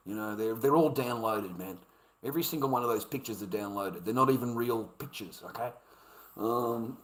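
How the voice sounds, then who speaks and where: A man's voice: mid-range voice, fairly bright tone, rough recording. A man in a casual monologue, blunt and heavily profane, hammering his points home by repeating them. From Australia. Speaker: vlogger.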